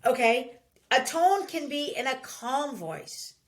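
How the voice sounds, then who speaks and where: A woman's voice: high-pitched, takes it slowly. A middle-aged woman hosting a podcast, giving casual advice and acting out the voices of people she quotes. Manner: animated, acts out quoted voices. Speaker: podcast host.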